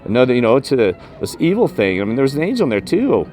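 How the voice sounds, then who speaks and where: A man vlogging a rambling personal story about spirits, emphatic and jumping up in pitch when he quotes himself. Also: big pitch swings, fast, a little mellow. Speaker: paranormal vlogger.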